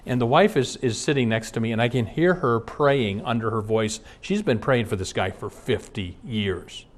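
With a medium-pitched voice at normal speed, a pastor from the Twin Cities area reads passages aloud and follows them with stories from his ministry. His sermon is earnest and rooted in personal experience.

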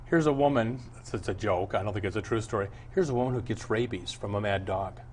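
A man's voice: on the low side, quick pace, a little mellow, slight background noise. A male pastor preaching a sermon and then answering Bible questions in an earnest, storytelling way. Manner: earnest, storytelling, chuckles often.

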